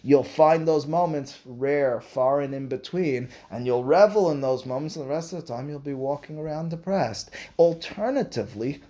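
Animated man teaching a Torah class. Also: mid-range voice, normal speed. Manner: animated, emphatic, rhetorical questions. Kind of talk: classroom lecture.

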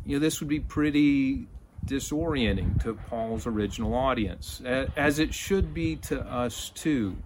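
Slow, halting man preaching. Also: mid-range voice, darkish tone, a little hiss or hum. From Texas. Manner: halting, repeats word starts, earnest. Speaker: lay preacher. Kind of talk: sermon.

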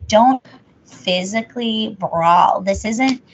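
A woman's voice: medium pitch, slow pace, a little hiss or hum. A woman co-hosting a podcast, chatting casually in a rambling, jokey way. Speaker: podcast co-host. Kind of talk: casual chat. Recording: muffled lo-fi audio.

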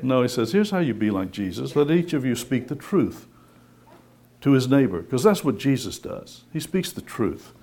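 A man preaching a sermon, conversational and lively, firing rhetorical questions and acting out little voices. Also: mid-range voice, normal speed.

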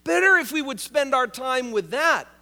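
A male pastor delivers a sermon in a notably high, bright voice. He keeps it conversational and joking, and hammers his main points by repeating them. His words ring out with a long reverb, as if he were preaching in a large sanctuary. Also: lively intonation, moderate pace.

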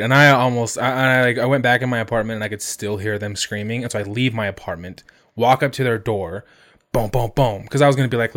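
A man's voice: mid-range voice, fast talker. Guy on a podcast telling a wild neighbor story, laughing, swearing a lot. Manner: animated, swearing, laughing, mimics others in quotes. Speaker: podcast host. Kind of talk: casual storytelling chat.

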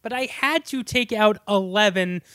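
A woman's voice: mid-range voice, normal speed, dry recording, clean studio sound. A woman co-hosting a casual movie review podcast, telling stories with lots of laughter. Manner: animated storyteller who acts out quotes, laughs often. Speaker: podcast co-host.

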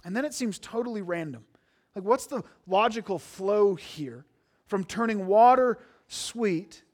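Earnest high-voiced male preacher. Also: lively intonation, measured pace. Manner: earnest, emphatic, with repeated restarts. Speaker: pastor. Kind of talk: sermon.

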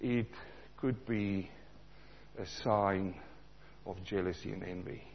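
A man from South Africa preaching a sermon, animated, repeating lines for emphasis and acting out the voices he quotes. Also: low voice, takes it slowly, creaky, slight background noise. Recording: dull sound in a large reverberant hall.

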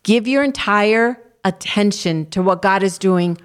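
A woman's voice: mid-range voice, unhurried, clear, resonant tone. Earnest woman preaching and praying. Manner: earnest, encouraging, leads a spoken prayer. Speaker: co-host. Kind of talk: preaching and prayer.

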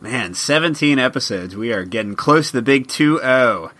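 A man co-hosting a board game podcast, talking in a relaxed, upbeat way with plenty of "uh"s as he explains rules. His voice is bright and forward, sitting at an ordinary middle pitch. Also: moderate pace. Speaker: podcast co-host. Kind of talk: casual podcast chat.

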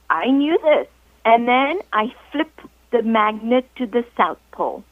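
A woman with a somewhat high voice calls in to a radio interview and tells her story as a guest author. She explains at a measured, deliberate pace. The sound is thin and phone-like, with no room echo at all. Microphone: telephone. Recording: tinny phone line, dry.

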